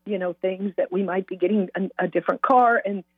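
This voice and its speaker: A woman calls in to a radio show and tells her stories with lively energy. Her voice is middle-pitched and jumps up when she quotes the people she has helped. The line is tinny and dry, like a telephone. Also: brisk, slightly rough, no room sound. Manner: animated storyteller, voices quoted speech brightly. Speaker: pregnancy center director. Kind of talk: call-in radio storytelling.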